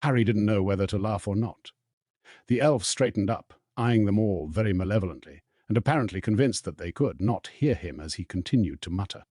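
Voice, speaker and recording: A man reading a novel aloud as narrator, in an even, measured way. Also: on the low side, dry recording, clean studio sound. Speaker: audiobook reader. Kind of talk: scripted narration.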